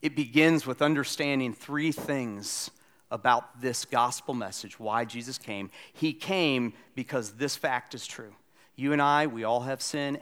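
A man in his forties preaching a sermon as pastor, moving between loud, lively storytelling and quiet, almost whispered appeals. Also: mid-range voice. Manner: swings from loud excited storytelling to hushed, near-whispered pleading.

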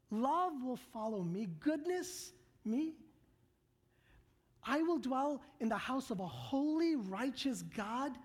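A woman preaching a sermon in an earnest, direct way, speaking to her congregation. Her voice sits fairly high, and she takes her time over each phrase, dropping to hushed whispers and then rising to loud, emphatic lines. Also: husky.

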